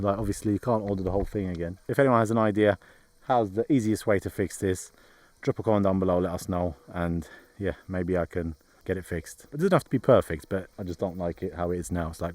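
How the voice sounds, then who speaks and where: A man chatting to camera as a travel vlogger, with a lively, exclamatory and sometimes frustrated manner, recording in and around a camper van. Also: sits low, dry recording. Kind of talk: casual vlog to camera. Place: camper van and outdoors at a rock site.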